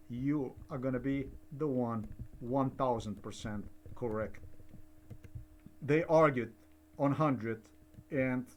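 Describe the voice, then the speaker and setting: Older man rambling on. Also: medium pitch. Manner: rambling, repetitive, digressive. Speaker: vlogger. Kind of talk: rambling personal commentary.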